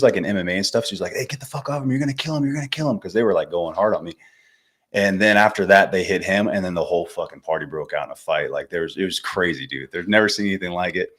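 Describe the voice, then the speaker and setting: A man in his twenties from California, a podcast guest telling stories in a laid-back, slangy way, calling the host man and bro. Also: sits low. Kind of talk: casual storytelling interview.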